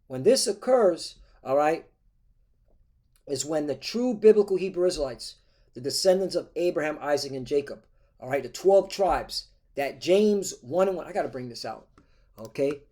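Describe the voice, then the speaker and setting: A male preacher with a somewhat high-pitched voice reads verses aloud and then explains them in his own words. He keeps checking in with his listeners, "all right? okay?", and his tone is combative. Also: animated, normal speed, warm tone. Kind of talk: scripture-reading sermon.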